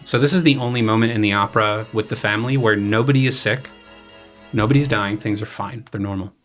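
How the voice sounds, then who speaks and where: A man's voice: fairly low pitch, fast, faint music behind. A young man, a graduate student composer, casually explaining his opera in a podcast chat, with lots of fillers. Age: young adult. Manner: relaxed, explains with many fillers and paraphrased quotes.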